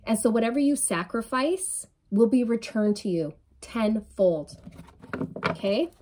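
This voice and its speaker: A woman's voice: a little high, lively intonation, measured pace, warm tone, slightly rough. A woman giving a channeled tarot reading, emphatic and encouraging, often repeating phrases and checking in with "okay?" and "right?". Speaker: tarot reader.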